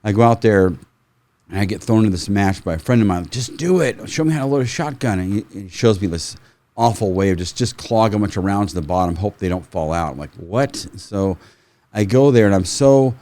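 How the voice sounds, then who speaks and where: A middle-aged man, a firearms trainer, telling stories in a casual, animated way, swearing freely and acting out quotes. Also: sits low, brisk, no echo. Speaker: firearms trainer, podcast guest. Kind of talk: casual storytelling.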